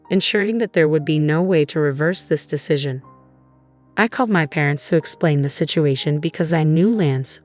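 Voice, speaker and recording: A woman narrating a first-person story in a steady, measured manner. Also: low-pitched.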